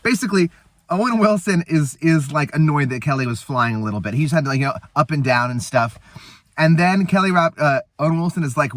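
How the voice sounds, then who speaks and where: A man's voice: on the high side, brisk, fairly bright tone, dry recording. A man hosting a casual show, recapping a movie in a rambling way with fillers and swearing. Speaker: host.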